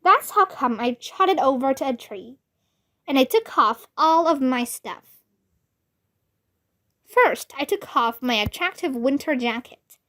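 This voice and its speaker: A woman reading a children's book aloud in a slow, expressive storytelling manner. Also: high voice. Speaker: storybook reader.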